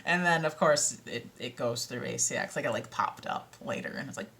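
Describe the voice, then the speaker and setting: A young woman chatting excitedly to camera at home, giggly and talkative, about her audiobook narration work. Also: low-pitched, moderate pace, few pauses. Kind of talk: casual chat to camera. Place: at home, indoors.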